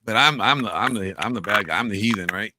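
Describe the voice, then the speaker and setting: A man's voice: on the low side, background noise. A man hosting a live stream, chatting loosely with plenty of fillers and restarts. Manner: loose, halting, many fillers. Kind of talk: casual chat.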